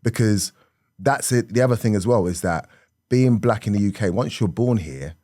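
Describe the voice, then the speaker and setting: A middle-aged comedian with a South London accent, telling stories on a podcast. His voice sits a little low, and he keeps it lively, laughing and dropping into acted voices. The sound is dry and close, with no room echo. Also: moderate pace. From South London, England. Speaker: comedian guest. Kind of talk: animated podcast storytelling.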